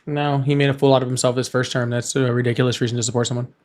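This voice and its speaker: A man's voice: medium pitch, flat delivery, very fast, a little mellow, a little hiss or hum. A man hosting a live political call-in stream, blunt and dismissive with callers and thinking aloud between calls. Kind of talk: casual live call-in chat.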